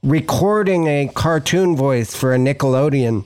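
Comedian guest, man, mid pitch, loose riffing chat with quick put-on voices. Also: smooth. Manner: riffing, jokey, slips into silly impressions. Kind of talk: casual chat.

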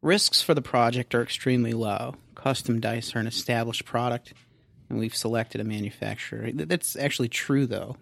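A man's voice: medium pitch, steady tone, moderate pace, gravelly, fairly bright tone. A man co-hosting a comedy podcast in a studio, chatting casually with a profane, sarcastic, jokey manner. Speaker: podcast co-host. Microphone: close studio mic, headphones.

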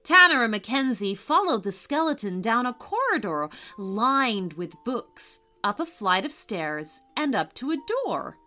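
A woman reading a children's story aloud as narrator, telling it with lively expression. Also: fairly high pitch, a little slow, few pauses, soft background music.

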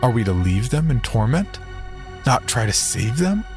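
A man's voice: mid-range voice, sing-song, moderate pace, darkish tone, faint music behind. A man voicing a stern, controlling brother in a frontier family, speaking bluntly in a horror story reading.

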